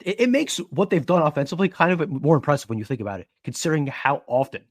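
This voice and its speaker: A man co-hosting a casual sports podcast, explaining in a steady, analytical way. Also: fairly high pitch, fast talker, dry recording, clean studio sound. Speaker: podcast co-host.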